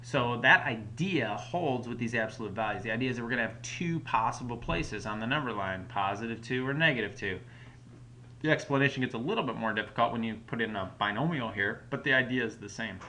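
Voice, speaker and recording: Bright-voiced man teaching math. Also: medium pitch, a little fast, slight background noise. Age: adult parent. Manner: patient, explains step by step, casual fillers. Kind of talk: recorded math lesson walkthrough.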